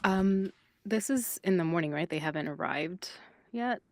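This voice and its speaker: A woman player describing her character in a tabletop role-playing game, halting and searching for words. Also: fairly low pitch, a little mellow.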